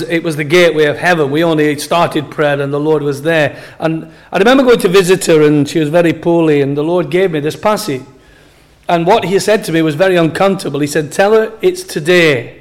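A middle-aged man preaching a sermon, earnestly repeating and stressing his scripture text. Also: on the high side.

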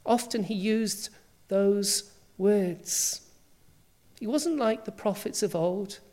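A woman's voice: medium pitch, slow pace, dark tone. Woman preaching a sermon, emphatic. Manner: emphatic, asks many rhetorical questions.

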